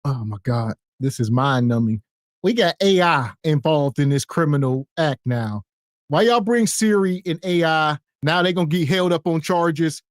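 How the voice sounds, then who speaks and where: Casting: slightly high male co-host, slangy jokester, dry close mic. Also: animated, moderate pace, dry recording. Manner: joking, slangy. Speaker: podcast co-host. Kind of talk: casual podcast commentary, reading chat.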